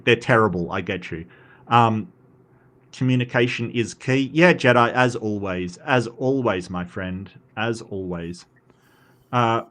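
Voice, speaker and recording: An Australian man hosting a stream, chatting casually and reading posts aloud, animated with lots of fillers and restarts. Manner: animated, quick pitch jumps, frequent fillers and restarts. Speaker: streamer host.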